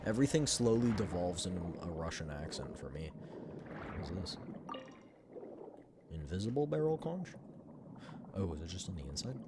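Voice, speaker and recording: Low-voiced male streamer chatting casually. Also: very animated, moderate pace, pauses often, noisy background. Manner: chatty, self-mumbling, addresses chat. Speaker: game streamer. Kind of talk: casual gameplay commentary.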